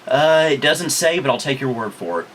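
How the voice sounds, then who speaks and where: Relaxed man hosting a retro tech chat. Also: medium pitch, moderate pace, slight background noise. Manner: relaxed, rambling with many ums. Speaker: host. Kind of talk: casual tech review chat.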